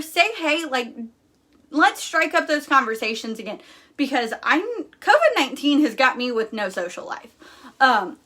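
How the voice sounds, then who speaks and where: Young woman, casual live-stream pep talk, high voice, blunt and chatty. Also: bright, forceful tone. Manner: blunt, candid, chatty with frequent fillers.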